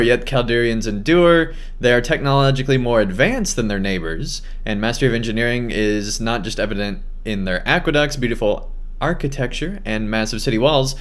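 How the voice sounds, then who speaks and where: A man giving casual let's-play commentary as a gaming host, excited and chatty with many fillers. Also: mid-range voice. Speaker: gaming YouTuber.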